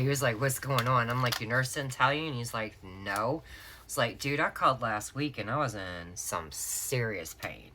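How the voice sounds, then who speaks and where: A woman's voice: extremely low pitch, sharp tone, a little hiss or hum. A middle-aged woman, chatting candidly to her viewers and calling them y'all as she tells a story. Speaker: planner sticker vlogger.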